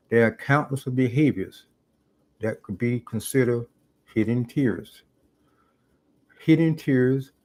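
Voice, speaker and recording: A man's voice: medium pitch, a little mellow. A middle-aged man speaks in a reflective vlog monologue with a mid-range voice. He is earnest and a bit preachy, and he stresses his points by repeating phrases. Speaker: YouTube commentator. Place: parked car.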